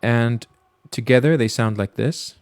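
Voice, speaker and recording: A man, a music producer, casually talking through a studio mixing tutorial with many pauses and fillers. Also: medium pitch, dry recording. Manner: casual, hesitant, lots of fillers.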